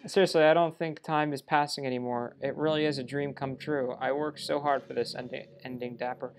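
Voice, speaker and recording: A man's voice: mid-range voice, fairly even intonation, a little fast, background noise, close to an everyday voice. Monika, a lovestruck game girl, read by a man. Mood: adoring. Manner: reads character lines in his own voice with small stumbles. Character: lovestruck young woman game character, obsessive. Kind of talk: let's play reading game dialogue aloud.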